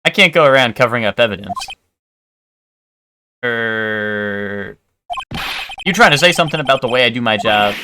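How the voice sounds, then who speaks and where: A man voicing a gruff, folksy male police detective who keeps calling people pal. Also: mid-range voice, expressive, normal speed, long pauses, sharp tone, a little hiss or hum. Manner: gruff, says pal a lot.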